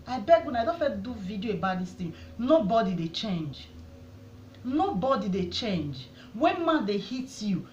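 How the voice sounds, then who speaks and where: Speaking in a mid-range voice with a Nigerian accent, this woman from Edo State makes an impassioned address to camera, indignant and pleading through rhetorical question after question. The sound is dull, the room echoey, and there's slight background noise.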